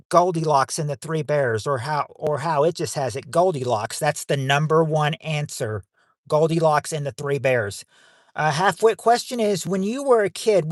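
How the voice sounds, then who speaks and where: A man's voice: fairly high pitch, no room sound, clean studio sound. A man hosting a family game night livestream, reading out survey answers with rambling jokes and crude wisecracks. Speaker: game show host.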